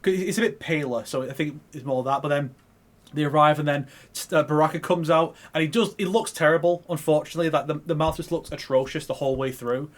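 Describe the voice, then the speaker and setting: A man's voice: a little high, quick pace. Rambling man co-hosting a movie chat. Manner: rambling, lots of fillers, retells scenes. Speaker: podcast co-host. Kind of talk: casual film review chat.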